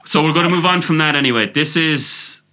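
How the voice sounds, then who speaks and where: A man's voice: on the high side, a little fast, pushed and bright. A young Irish man co-hosting a casual podcast, bantering, swearing and laughing often. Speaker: podcast co-host.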